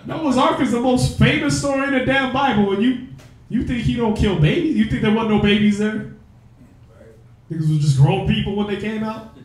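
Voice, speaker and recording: A religious group's teacher preaches in blunt, profane street talk, mocking the views he argues against. His voice is high-pitched, his pace moderate, and the room is very echoey.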